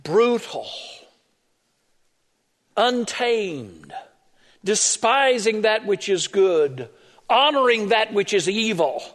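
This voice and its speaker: A man's voice: high voice, sing-song, a bit bright. A male pastor delivering a sermon, stretching key words for emphasis. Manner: emphatic preaching, drawn-out stressed words. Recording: long reverb of a large hall.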